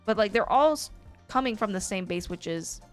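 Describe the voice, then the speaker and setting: A woman's voice: mid-range voice, expressive, brisk, clear, resonant tone, soft background music. A woman teaching a live-stream drawing lesson, chatty and rambling with lots of fillers. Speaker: art teacher.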